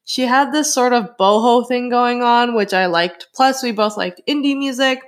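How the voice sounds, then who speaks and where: A woman's voice: on the high side, moderate pace. A woman co-hosting a casual podcast, reading listener stories aloud with chatty asides and frequent laughs. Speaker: podcast co-host. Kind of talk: casual chat and story reading.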